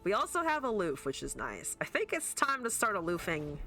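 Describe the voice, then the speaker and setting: A woman's voice: mid-range voice, sing-song, a little fast, bright, forceful tone, soft background music. A woman streamer chatting casually and joking at her own expense while she plays a card game, swearing now and then. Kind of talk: casual gameplay commentary.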